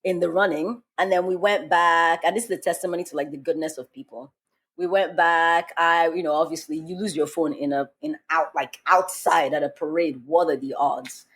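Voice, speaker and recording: A young woman from Nigeria hosting a podcast, chatting casually and telling an animated story, laughing often. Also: low voice, moderate pace, slightly rough. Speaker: podcast host. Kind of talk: casual chat.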